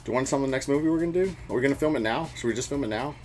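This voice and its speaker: A man co-hosting a movie review show in relaxed casual chat, laughing easily. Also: medium pitch, racing. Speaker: co-host.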